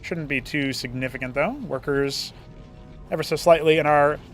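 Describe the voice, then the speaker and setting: A man's voice: on the high side, steady tone, fairly bright tone, faint music behind. A young man casting a strategy game match alone, chatty and playful, with laughing asides. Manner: chatty, laughs at own jokes, quick asides. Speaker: esports caster. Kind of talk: solo play-by-play commentary.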